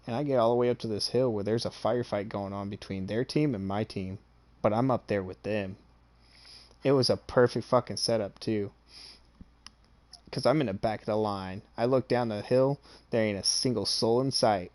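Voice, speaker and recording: A man with a somewhat low voice tells a story in a loose, chatty way. He swears freely and sounds pleased with himself. He keeps checking in with his listener as he goes. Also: normal speed, a little mellow. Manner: boastful and amused. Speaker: streamer. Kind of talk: casual storytelling.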